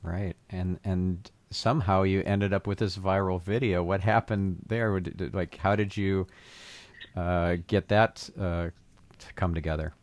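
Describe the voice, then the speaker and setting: A man hosting an interview, asking halting, hesitant questions. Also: deep voice, fairly even intonation, no room sound. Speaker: podcast host. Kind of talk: casual interview.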